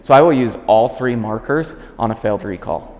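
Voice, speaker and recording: A man working as a dog trainer, calmly explaining a demonstration and switching to short, clear commands for the puppy. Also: medium pitch, a little fast, big-room sound, a little hiss or hum. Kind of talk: instructional demonstration.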